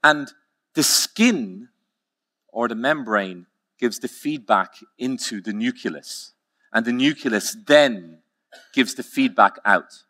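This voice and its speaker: Man, keynote speaker, bright ringing tone, mid pitch, emphatic storyteller. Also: lively intonation. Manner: storytelling, emphatic, slow repeated phrases. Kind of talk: conference keynote talk.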